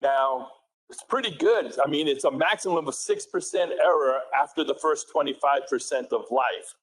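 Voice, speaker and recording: A man's voice: a little high, normal speed, slightly rough, poor audio. Man with a New England accent presenting. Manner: conversational, self-correcting, asks the audience questions. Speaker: conference presenter. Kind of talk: technical conference presentation.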